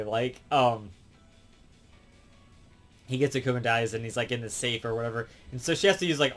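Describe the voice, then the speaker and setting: Rambling man recapping a cartoon episode. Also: medium pitch. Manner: rambling, full of fillers and self-corrections. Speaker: show reviewer.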